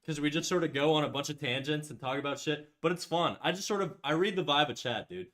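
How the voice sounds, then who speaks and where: A man's voice: a little high, fast talker, fairly bright tone. A man hosting a casual livestream while drawing. He rambles and restarts, says "like" often, swears freely, and reads out and answers chat messages. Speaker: livestream host.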